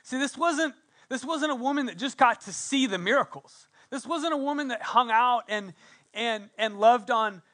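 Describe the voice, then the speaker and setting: A middle-aged man preaches with fervent conviction, his voice sitting high and ringing. He surges into loud, insistent declarations, then drops to a hushed, close tone to draw the listener in. The brightness gives his emphasis a sharp, carrying edge. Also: normal speed. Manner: passionate, swings from loud emphasis to hushed intimacy. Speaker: pastor. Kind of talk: sermon.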